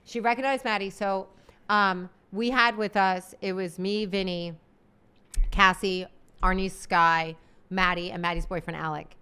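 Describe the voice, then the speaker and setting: Female co-host, chatty and exasperated, clear smooth voice, average pitch. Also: unhurried. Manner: animated, exasperated, acts out quotes. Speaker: podcast co-host. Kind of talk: casual storytelling chat.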